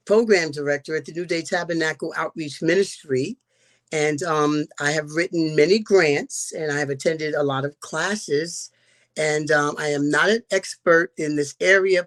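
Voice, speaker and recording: Measured woman introducing herself. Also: deep voice. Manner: measured, modest, with filler "um". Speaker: guest speaker, social worker and program director. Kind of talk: introducing herself on a live stream.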